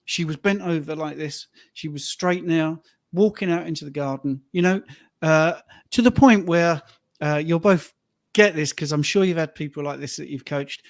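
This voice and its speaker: A man with a somewhat high voice talks on a panel about his rehab clients, recorded close and dry. He tells stories in an easy, heartfelt way. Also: moderate pace, no echo. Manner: anecdotal, gets emotional telling stories. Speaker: fitness and rehab coach. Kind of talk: casual panel chat.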